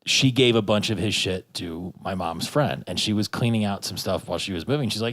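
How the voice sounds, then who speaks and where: A man's voice: lowish voice, normal speed, a bit bright, no room sound, studio quality. Rambling, profane male storyteller. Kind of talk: casual podcast chat.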